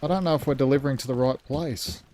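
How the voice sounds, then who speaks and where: A man's voice: mid-range voice, fast, darkish tone, a little hiss or hum. A man streaming a ship game live, rambling as he thinks aloud and thanks his chat.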